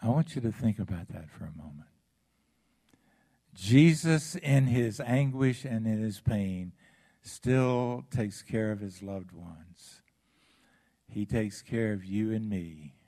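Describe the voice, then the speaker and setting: A man preaching a sermon as pastor, with dramatic swings between loud passages and hushed ones. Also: lowish voice, takes it slowly.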